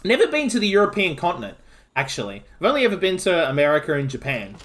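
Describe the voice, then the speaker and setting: A man's voice: fairly high pitch, huge pitch swings, fast talker, fairly bright tone. A man with an Australian accent streaming a video game, chatting casually and rambling with lots of filler words and restarts. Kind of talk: casual chat while playing a game.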